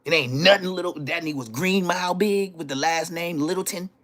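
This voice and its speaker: A man telling profane, animated stories from his school days on a casual livestream, laughing as he goes. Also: on the high side, brisk. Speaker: livestream host. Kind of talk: casual storytelling.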